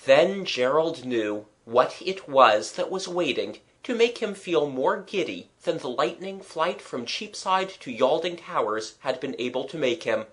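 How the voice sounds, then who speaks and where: Slow, lively storybook narrator. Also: mid-range voice. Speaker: audiobook narrator. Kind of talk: scripted narration of a children's book.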